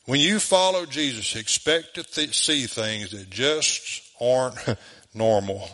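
A man's voice: medium pitch, slow, pushed and bright. A man preaching a sermon in a folksy, conversational way, chuckling often. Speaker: pastor.

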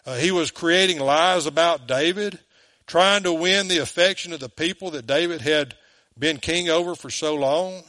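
A man's voice: on the high side, sharp tone, no echo. Earnest preacher man, dry sound. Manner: earnest, slows down when quoting scripture; asks the listeners direct questions. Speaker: pastor. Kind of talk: sermon.

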